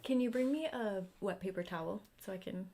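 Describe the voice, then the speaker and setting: A chatty young woman talks casually while carving a pumpkin. She muses out loud about books and drifts now and then into soft, quiet asides. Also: mid-range voice, a little fast. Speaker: booktuber.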